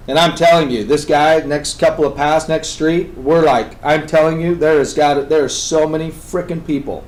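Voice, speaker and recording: A man on a talk show, telling a story with energy. He swings between loud, emphatic bursts and hushed, intense passages. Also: on the high side, steady tone, normal speed, low-quality recording. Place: radio studio.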